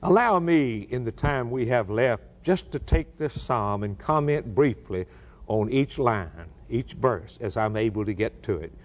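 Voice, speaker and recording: A middle-aged man preaches a sermon at an unhurried, deliberate pace, his pitch sitting in an ordinary male range. He leans on rhetorical questions and repeated phrases. He sinks to low, grave tones and then climbs into ringing, raised cries. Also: animated.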